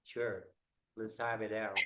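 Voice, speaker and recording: A man teaching a one-on-one English pronunciation lesson, explaining haltingly with many fillers. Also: on the low side, little pitch movement, heavy background noise.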